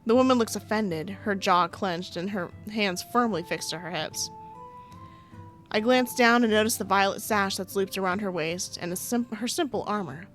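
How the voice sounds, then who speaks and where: A woman's voice: medium pitch, moderate pace, a bit bright, soft background music. A young woman playing through a game, reading its text aloud and breaking off for playful, sarcastic comments. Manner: playful, chatty, sarcastic asides, frequent laughter. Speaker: game streamer.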